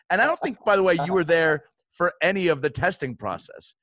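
A man telling a long story in relaxed chat, with mid-range pitch and lively swings into loud acted-out quotes. He swears freely and piles up fillers as he goes. The sound is close and dry, with no room around it. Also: quick pace, dry recording. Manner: animated, swearing, acts out quotes in bursts.

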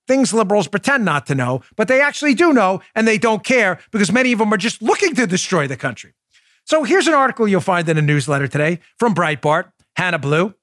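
A man hosting a political talk podcast, speaking in an animated, emphatic way and repeating points for effect. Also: high voice, dry recording, clean studio sound. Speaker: podcast host.

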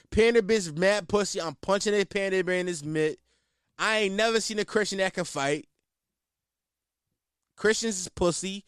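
A man's voice: high voice, a bit bright, dry recording, clean studio sound. A man hosting a podcast, ranting in a brash, profane, boastful way. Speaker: podcast host. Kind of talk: casual comedic rant.

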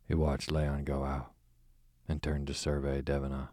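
A man narrating an audiobook in a measured, even reading. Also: extremely low pitch, dry recording, clean studio sound. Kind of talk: scripted narration.

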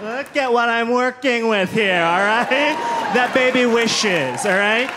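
A man's voice: a little high, fairly bright tone. A young man doing a stand-up set in a club, wry with hesitant fillers. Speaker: stand-up comedian. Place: comedy club stage. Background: audience laughter.

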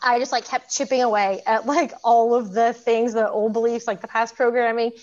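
A woman's voice: a little high, steady tone, normal speed, a little mellow, lo-fi sound. A woman in her thirties, a program graduate, telling her story casually with many fillers and frequent laughs. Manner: chatty, lots of fillers, laughs often.

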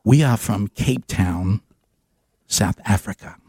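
A man doing a low, formal South African hunter. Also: little pitch movement, fairly quick, gravelly, mellow, no room sound. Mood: earnest. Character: calm South African big game hunter.

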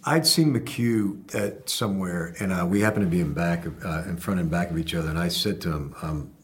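Man, gravelly low voice, rambling self-deprecating storyteller, red carpet interviewee. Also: a little fast. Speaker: actor interviewed at premiere. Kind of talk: casual anecdotal storytelling. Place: outdoor red carpet event.

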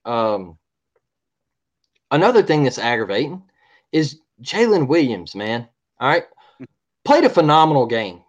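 A man's voice: medium pitch, big pitch swings, a little slow, long pauses, lo-fi sound. A man co-hosting a sports podcast, ranting in a heated, repetitive way and often asking "all right?". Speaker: podcast co-host.

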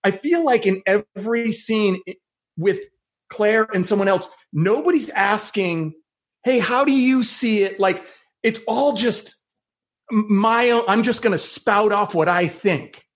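A man's voice: high-pitched, a little slow. A man guesting on a podcast in casual chat, emphatic and quoting people. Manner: emphatic, quotes people in voices.

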